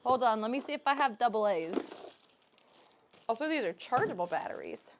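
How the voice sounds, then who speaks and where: In a home room, a woman with a fairly high, animated voice speaks at normal speed into a desk mic, with a little hiss or hum in the audio. She jokes and teases her stream viewers in casual chat, often breaking into laughter.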